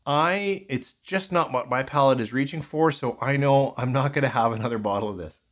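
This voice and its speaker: A man's voice: mid-range voice, a little fast, fairly bright tone. A man casually reviewing whiskies in a rambling, thinking-aloud way, full of fillers and restarts.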